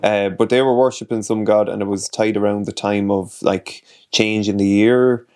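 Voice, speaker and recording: A man's voice: lowish voice, steady tone, normal speed, a little mellow. Guy reading fun facts on a podcast, easygoing. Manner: reads facts then jokes along. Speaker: podcast co-host.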